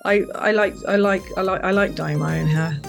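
Woman guest, rambling, restarts a lot, mid pitch. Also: fairly even intonation, gravelly, over music. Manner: rambling, halting, many restarts. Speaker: interview guest. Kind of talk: casual conversational interview.

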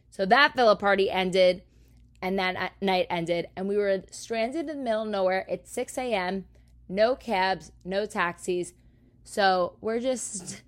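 A woman from New Jersey, a podcast host, telling a story in a casual, animated, profane way. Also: mid-range voice.

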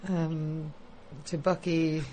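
A woman's voice: deep voice, flat delivery, very slow, dark tone, rough recording. Irish woman, dry wry jokes as radio guest, faint hum behind. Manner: dry, wry, laughs easily. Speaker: studio guest. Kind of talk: casual radio banter.

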